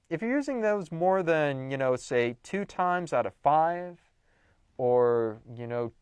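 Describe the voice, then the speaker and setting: Animated man teaching writing, dry sound. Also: medium pitch, dry recording. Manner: animated, emphatic, playful asides. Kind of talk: recorded lecture.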